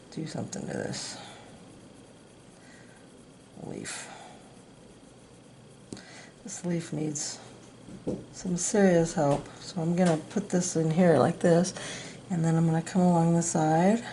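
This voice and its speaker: A middle-aged woman talking through a drawing lesson at her desk, chatty and self-deprecating. Her voice has a gravelly fry, and there is a faint hiss in the room behind her. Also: low-pitched, lively intonation, slow, pauses often, warm tone. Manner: chatty, self-deprecating, talks while working. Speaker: art tutorial host. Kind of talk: casual real-time drawing tutorial.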